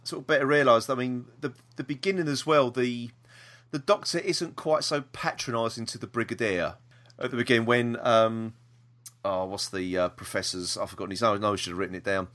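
A man's voice: medium pitch, fairly quick, fairly bright tone. A man co-hosting a podcast, talking casually with fillers and laughs. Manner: chatty, lots of fillers and laughs. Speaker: podcast co-host. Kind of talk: casual chat.

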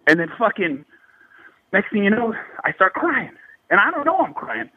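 High-voiced man swearing through a phone line. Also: normal speed, husky, dry recording. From Bay Area, California. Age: 30s. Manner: heavy swearing, slangy and animated. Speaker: guest telling a paranormal story. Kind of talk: casual storytelling.

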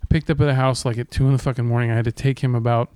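A man's voice: mid-range voice, fairly even intonation, rapid-fire, a little mellow, smooth, no room sound. Podcast co-host, man, swears a lot, acts out the voices in his stories, dry close mic. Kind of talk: casual podcast chat.

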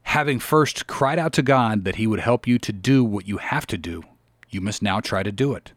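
A man's voice: lowish voice, lively intonation, no room sound, studio quality. Man reading an earnest old-style sermon. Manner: earnest, measured preaching cadence with pleading exclamations. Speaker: reader of historical sermons.

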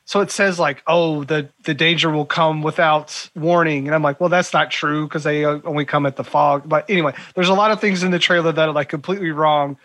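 A man's voice: a little high, steady tone, fairly quick, hardly any pauses, fairly bright tone, dry recording. A man co-hosting a podcast, talking animatedly about a movie trailer with lots of "like" and acted-out quotes. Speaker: podcast co-host. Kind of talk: casual movie chat.

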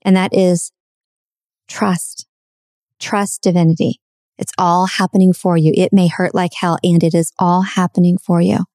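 A woman's voice: fairly low pitch, little pitch movement, unhurried, mellow, no room sound, studio quality. A middle-aged woman hosting a podcast, giving an earnest, reflective spiritual self-help talk and repeating phrases for emphasis. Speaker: podcast host.

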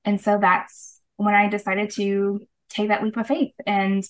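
A woman's voice: medium pitch, monotone, measured pace, poor audio. A middle-aged woman, a guest on an interview show, telling her story in an earnest, casual way and acting out the voices of people she quotes. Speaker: guest, holistic practitioner.

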